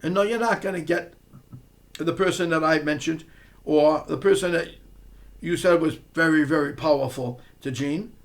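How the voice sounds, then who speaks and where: A man's voice: fairly high pitch, normal speed. A man delivering a confrontational monologue, scolding and mocking someone he speaks to directly. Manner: sarcastic, mocking. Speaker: online commentator.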